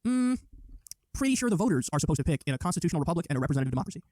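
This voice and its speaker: A man giving political commentary in a sarcastic, mocking way, often slipping into quick impressions of the people he criticizes. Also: a little high, big pitch swings, darkish tone, no room sound.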